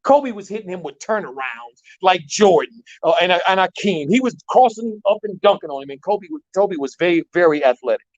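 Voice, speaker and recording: A man, a basketball coach, telling a long story in an animated way, repeating words and using many fillers. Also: high-pitched, a little fast, few pauses. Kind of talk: storytelling in a talk show. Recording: dull lo-fi sound.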